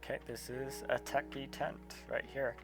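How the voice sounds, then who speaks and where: Gravelly man with wry teasing banter. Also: mid-range voice, little pitch movement, normal speed. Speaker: friend on game server. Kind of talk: casual gaming chat. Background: game music.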